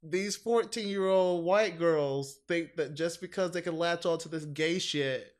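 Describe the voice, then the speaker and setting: A man with a somewhat high voice talks in loose, rambling podcast chat. He swears freely and slips into shrill, exaggerated impressions of other people. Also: measured pace. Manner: rambling, profane, laughs loudly. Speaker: podcast co-host. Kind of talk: casual chat.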